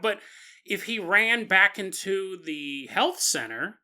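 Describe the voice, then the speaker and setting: Bright, high-voiced male storyteller. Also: a little slow. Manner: animated, chuckling, conversational asides. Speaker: podcast host. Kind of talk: casual storytelling narration.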